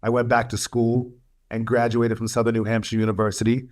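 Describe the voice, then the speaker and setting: A man sharing his life story as a webinar speaker, earnest and emotional, with halting pauses and fillers. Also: medium pitch, completely flat delivery. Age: adult, studying for a master's. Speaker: webinar speaker, youth mentor.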